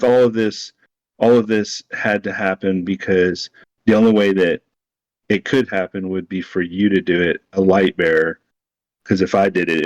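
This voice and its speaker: A man's voice: low voice, a little mellow, lo-fi sound. A man co-hosting a casual podcast about a video game's lore, speculating thoughtfully and answering with short agreements. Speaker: podcast co-host. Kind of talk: casual chat.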